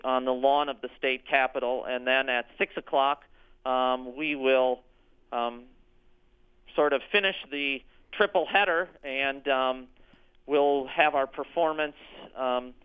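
An orchestra executive director answering radio interview questions, hesitant, with frequent ums and restarts. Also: male voice, medium pitch, clean tone. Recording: tinny phone line.

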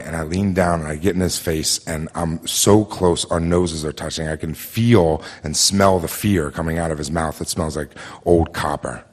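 A man with a low voice tells a personal story live on a theater stage. He speaks quietly and intensely, with halting restarts. The long reverb of the hall trails behind each phrase. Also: fairly even intonation, husky.

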